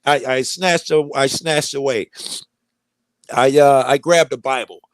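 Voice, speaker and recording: A man spins a rambling, profanity-laced story in casual conversation, stumbling through fillers and restarts. His voice sits at a middling pitch. The sound is dry and close. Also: measured pace, no echo.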